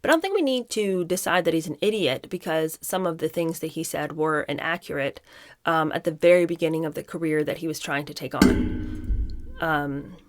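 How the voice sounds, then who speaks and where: A woman's voice: low voice, moderate pace. A woman hosting a podcast, reading passages from a book aloud and breaking off to give her own blunt opinions to her listeners. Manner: opinionated, talks straight to listeners. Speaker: podcast host.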